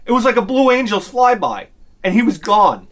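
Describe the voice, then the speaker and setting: Middle-aged dude rambling a crude story, kinda high voice, gets loud then mutters. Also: male voice, moderate pace. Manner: animated, swings between loud bursts and muttered asides; crude humor. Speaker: vlogger. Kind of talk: casual storytelling.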